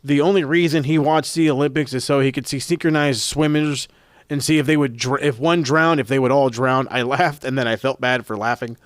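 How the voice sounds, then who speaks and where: A man's voice: mid-range voice, steady tone, brisk, clear, resonant tone, no echo. A man hosting a podcast, recapping matches in a casual, profane, rambling way that often corrects itself. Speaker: podcast host reviewing wrestling events. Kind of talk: casual chat.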